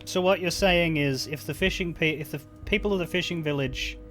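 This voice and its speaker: A male streamer reading video game dialogue aloud, halting and stumbling a little over words. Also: fairly high pitch, fairly bright tone, soft background music.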